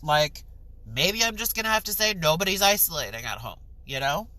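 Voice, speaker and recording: A woman's voice: lowish voice, expressive, a little fast, bright, forceful tone, no room sound, poor audio. A young woman, ranting to the camera in a storytime vlog, exasperated and swearing. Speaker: vlogger.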